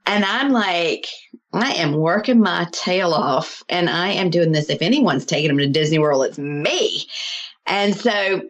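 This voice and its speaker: A woman's voice: fairly low pitch, expressive, measured pace. A middle-aged woman, a healer and author, chatting casually as a guest, laughing often and acting out her own quotes. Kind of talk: casual podcast conversation.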